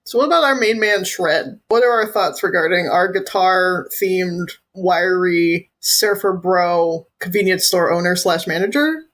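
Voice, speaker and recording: A podcast co-host from the American South chatting casually with friends, laughing often and tossing in quick asides. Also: medium pitch, a bit bright. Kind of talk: casual chat.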